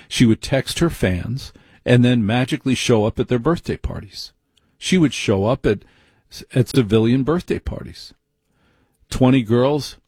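Middle-aged man, husky voice, blunt and wry commentary, dry close mic. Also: mid-range voice, a little mellow, dry recording. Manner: blunt, wry, rambling asides. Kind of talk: opinionated monologue.

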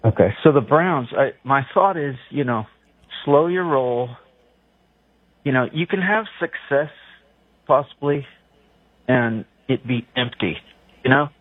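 A man's voice: medium pitch, lively intonation, unhurried, long pauses, slightly rough, no echo. A man calling into a sports radio show, rambling and hesitant as he makes his point. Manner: meandering, hesitant, "you know". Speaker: caller. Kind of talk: rambling call-in talk. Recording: phone line, dry.

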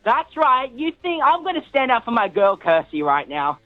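Fired-up caller on a dull line. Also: male voice, very high-pitched, very animated, normal speed, faint music behind. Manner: fired-up and dramatic. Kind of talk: phone-in call.

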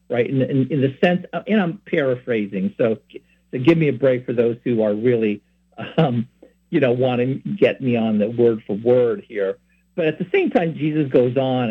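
A man's voice: medium pitch, husky. A man from San Francisco who hosts a Catholic program, giving rambling, earnest spoken teaching with many asides. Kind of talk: informal spoken teaching and personal story. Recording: tinny phone-like sound.

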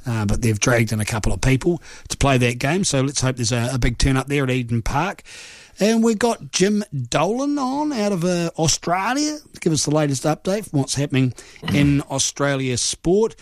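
A man's voice: a little high, animated, moderate pace, dry recording, clean studio sound. A middle-aged man from New Zealand hosting a sports radio show, chatty and joking at his own expense, rambling with filler words. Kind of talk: casual live radio chat.

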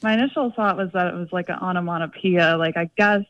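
A woman's voice: on the low side, quick pace, a bit bright, no echo. Chatty young woman caller on a dull line. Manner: chatty, many fillers like "like". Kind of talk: casual phone-in chat.

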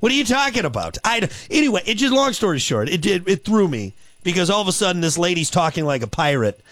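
Animated male radio co-host, halting delivery. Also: sits high, dry recording. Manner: animated, halting storytelling with many fillers and restarts. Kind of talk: casual comedic radio banter.

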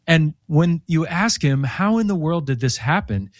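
Animated storytelling man, dry studio sound. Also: a little high, a little slow, dry recording. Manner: animated storyteller, acts out quoted voices. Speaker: author guest. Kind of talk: faith radio interview.

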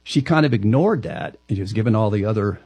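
As an interview guest, a man with a low, husky, slightly mellow voice tells an expressive personal story. He speaks haltingly, often restarting and circling back, and the recording is dry and close.

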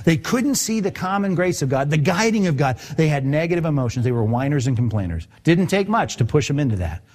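A male pastor preaching a conversational sermon with a slightly high voice that rises and falls a lot. He keeps turning to his listeners with quick rhetorical questions. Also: sing-song, a little mellow.

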